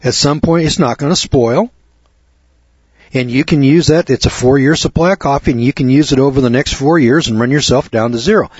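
A man's voice: mid-range voice, fairly quick, husky, no echo. A man hosting a radio talk show, delivering a rambling, preachy monologue that builds to emphatic lecturing. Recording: dull lo-fi dry radio audio.

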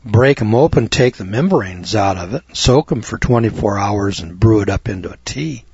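A man's voice: on the low side, lively intonation, normal speed, a little mellow, breathy edge, no room sound. A man giving a folksy, emphatic health lecture to an audience, repeating words for stress. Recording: dull lo-fi recording.

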